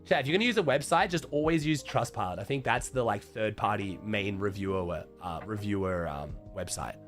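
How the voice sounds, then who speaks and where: A young Australian man with a thick, raspy, hoarse voice, pitched low for a man, chatting casually to his stream viewers. He swears freely and his sentences trail off quietly. Faint music plays underneath. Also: expressive, a little fast. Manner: loose and profane, trailing off quietly. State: hoarse from a chest infection. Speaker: streamer talking to chat. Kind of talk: casual livestream chat. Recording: faint music playing behind.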